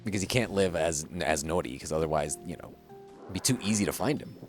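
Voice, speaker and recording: A gaming channel host runs a casual let's-play, chatting playfully and thinking out loud as he goes. He speaks in a low, animated voice at a quick pace, with faint game music in the background.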